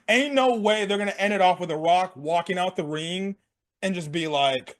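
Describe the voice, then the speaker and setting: A young man casually recapping a wrestling event for his sports channel, slangy and excitable, laughing and acting out what people said. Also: on the high side, brisk. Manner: excitable, slangy, laughs a lot, acts out quotes. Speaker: sports commentary vlogger.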